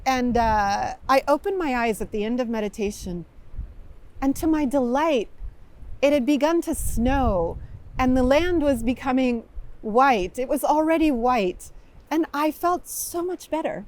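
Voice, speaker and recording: A woman with a fairly high voice tells a personal story as a spiritual teacher. She speaks reflectively and breaks into soft laughs now and then. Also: animated, measured pace.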